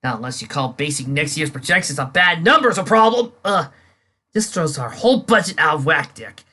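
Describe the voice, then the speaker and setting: A comic reader voicing a smug young company rival who lectures a coworker over bad numbers. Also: male voice, a little high, lively intonation, brisk, sharp tone, voice pushed up. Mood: scolding. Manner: scolding, condescending.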